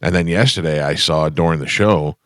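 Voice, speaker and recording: Deep voiced guy on morning radio, joking around, dry studio mic. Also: a little fast, dry recording. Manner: relaxed, joking banter. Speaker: radio show host. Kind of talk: casual morning radio chat.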